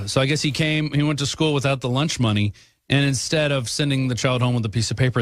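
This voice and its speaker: A man hosting a political talk radio show, arguing his points with quick asides and frequent fillers. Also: on the high side, steady tone, over music.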